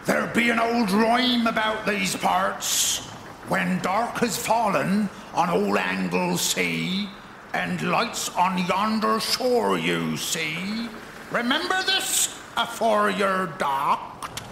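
A man's voice: on the high side, steady tone, very fast, gravelly, hardly any pauses, bright, forceful tone, a little hiss or hum, full character voice. A man playing a superstitious ship's bosun in a comic sketch, putting on a mock pirate accent. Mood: ominous. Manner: mock West Country pirate accent, forgetful. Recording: roomy hall with faint ambience.

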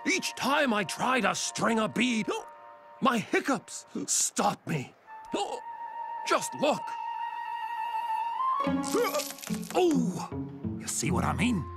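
An actor voicing a gentle male monster who loves making necklaces, talking slowly and sweetly in a children's cartoon. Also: mid-range voice, big pitch swings, vocal fry, full character voice. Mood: bothered. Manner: slow, sweet, drawn-out and wondering. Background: music.

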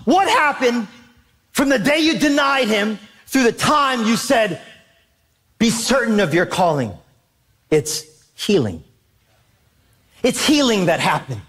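A man preaching a sermon as pastor, emphatic and animated, asking the congregation questions. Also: extremely high pitch, slow, long pauses.

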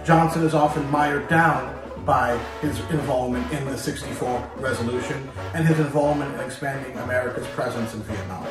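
A man hosting a history video, telling a story lively and speaking straight to the listener in a playful way. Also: mid-range voice, a little fast, hardly any pauses. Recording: very echoey room, distant mic, music behind.

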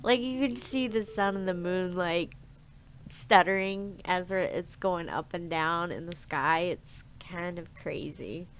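A woman's voice: fairly low pitch, slow, dull audio. A woman hosting a let's play, chatting casually and rambling with many fillers as she plays. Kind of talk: casual gameplay commentary.

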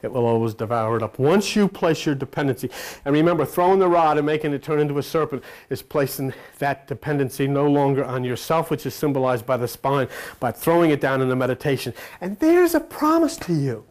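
A man preaching an informal sermon in a folksy, animated storytelling way, acting out characters and croaking like a frog. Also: fast. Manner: animated, folksy storytelling with sudden pitch swings; mimics frog croaks and plays out quoted characters.

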